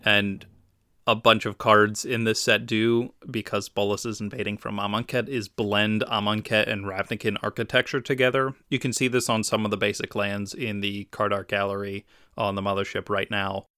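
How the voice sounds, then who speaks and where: Bright, crisp male podcast host. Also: lowish voice, level tone, moderate pace, no room sound, studio quality. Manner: enthusiastic, descriptive, with fillers. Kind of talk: casual chat.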